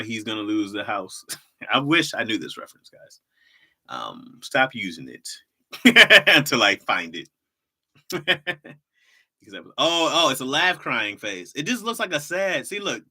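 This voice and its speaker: Young male streamer, chatty and playful, bright and expressive, quick to laugh. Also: medium pitch. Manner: animated, laughs often, banters with chat. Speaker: livestream host. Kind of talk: casual livestream chat.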